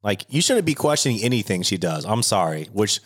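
A young man co-hosting a podcast, chatting casually with animated, profane rants. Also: lowish voice, brisk. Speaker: podcast co-host. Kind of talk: casual chat.

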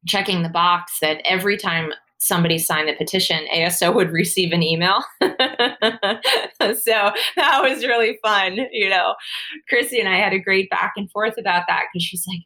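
Brief: woman guest, conversational storyteller, animated, laughs easily, lots of fillers, mid pitch. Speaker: guest, former pro cyclist and author. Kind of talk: casual interview conversation.

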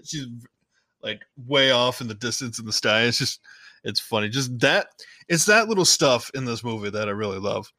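Chatty man with a bright, dry voice. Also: medium pitch, expressive, normal speed, no echo. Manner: rambling, chatty, self-correcting, playfully acts out lines. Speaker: podcast host. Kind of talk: casual movie recap podcast.

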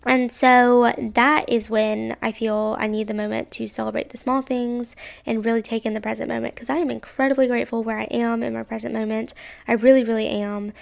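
A woman's voice: a little high, little pitch movement, fairly quick, gravelly. A woman in her early twenties hosting a solo podcast, rambling in a chatty, self-reflective way. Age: 20s. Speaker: podcast host. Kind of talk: casual solo podcast monologue.

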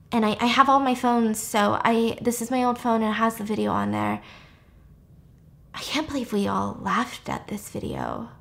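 A woman's voice: on the high side, a bit bright, natural voice. A woman voicing an anxious young former med student who stammers and hurries through her words.

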